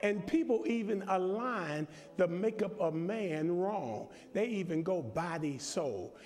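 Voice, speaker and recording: A man's voice: high-pitched, expressive, slow, darkish tone. A middle-aged man preaching a sermon, leading call-and-response and joking with the congregation. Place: large church. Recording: long church reverb, congregation behind.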